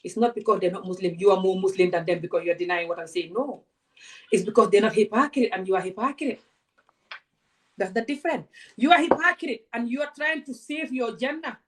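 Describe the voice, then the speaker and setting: A woman speaks straight to her camera. She is passionate and confrontational and fires off one rhetorical question after another. Her pitch sits in the ordinary middle range for a woman. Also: fairly quick. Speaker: vlogger. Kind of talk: direct-to-camera rant.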